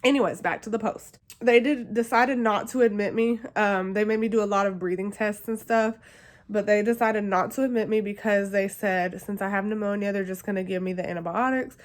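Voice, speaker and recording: A woman's voice: mid-range voice, fairly even intonation, brisk. Young woman vlogger, talking straight to camera, chatty and emotional, full of fillers. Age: young adult. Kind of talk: casual storytelling to camera.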